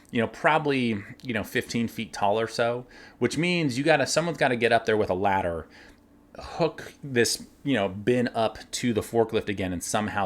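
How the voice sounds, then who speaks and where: A man casually telling workplace stories, animated, laughing now and then and acting out the lines of others. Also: on the low side. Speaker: winery cellar worker telling stories. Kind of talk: casual storytelling.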